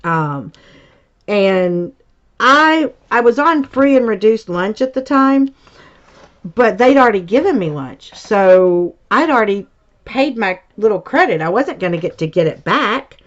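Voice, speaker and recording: A woman's voice: mid-range voice, lively intonation, a little slow. Chatty woman telling stories, lo-fi sound. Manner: chatty, rambling, with filler words. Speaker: high school teacher and crafting vlogger. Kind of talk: casual storytelling chat. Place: home crafting space. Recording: dull lo-fi recording.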